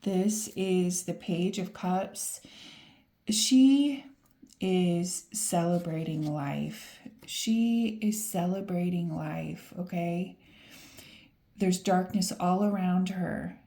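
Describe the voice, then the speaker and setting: A woman with a low, mellow, gravelly voice gives a casual tarot reading to camera. She is upbeat and chatty, laughs often and speaks straight to the viewer. Her voice carries a roomy echo. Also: drawn-out words. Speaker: tarot reader.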